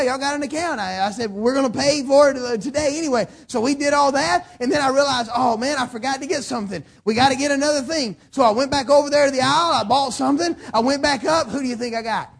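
Preacher guy, real high gravelly voice, folksy stories, gets shouty. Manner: folksy storytelling, rising to shouts. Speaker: pastor. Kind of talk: sermon.

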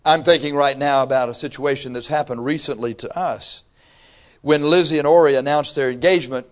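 A man's voice: mid-range voice, moderate pace. A man, preaching a sermon in a folksy, conversational way with emphatic rising bursts. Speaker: pastor.

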